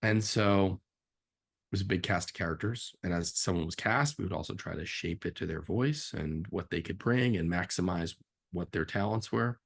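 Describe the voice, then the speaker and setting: A man, a film director as guest, telling stories from his career in a casual, animated interview. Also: sits low, moderate pace, vocal fry, husky. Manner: animated, acts out quotes in a raised voice.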